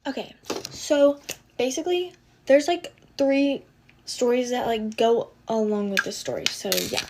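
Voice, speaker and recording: A young woman with a fairly high voice opens a casual storytime while getting ready, talking loosely with "like" and "um." Faint noise sits under her voice. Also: unhurried. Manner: chatty, loose, with "like" and "um" fillers.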